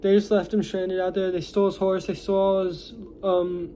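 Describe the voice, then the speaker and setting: A man's voice: high voice, monotone, moderate pace, dark tone, a little hiss or hum. A young American man recapping a movie plot in a casual, rambling way, full of fillers and restarts. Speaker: movie reviewer.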